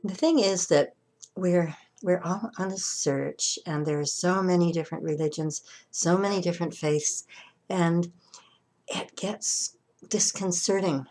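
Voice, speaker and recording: A woman's voice: on the low side, a little mellow. A middle-aged woman minister preaching an online sermon in a conversational way, often restarting and repeating words. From Canada. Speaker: senior minister.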